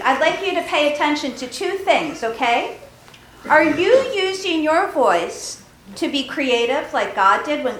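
A woman with a high voice leads a children's sermon in a church. She teaches gently, asks questions and laughs easily. Her voice echoes through the large sanctuary over faint background noise. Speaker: pastor giving a children's message.

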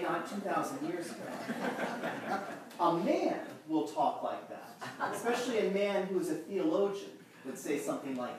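A man preaching a sermon in a conversational, self-deprecating way, pausing and restarting his sentences. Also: a little high, background noise. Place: large echoing church. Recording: echoey church from a distance.

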